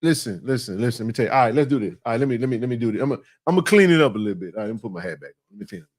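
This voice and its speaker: A man's voice: medium pitch, animated, rapid-fire, dry recording, studio quality. A man hosting a casual sports chat, talking emphatically and repeating himself in playful trash talk.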